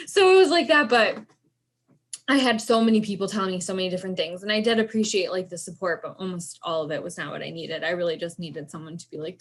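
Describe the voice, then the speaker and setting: A woman's voice: fairly low pitch, fast. A young woman candidly recounting a hard personal experience in casual conversation, emphatic and full of "like" fillers. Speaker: co-host sharing a birth story.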